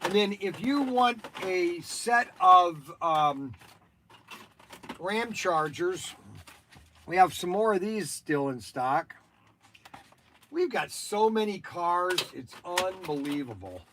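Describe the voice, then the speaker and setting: A man's voice: sits high, expressive, slow, long pauses, fairly bright tone, a little hiss or hum. A man who owns a toy shop, chatting casually on a livestream while packing orders, with frequent exclamations.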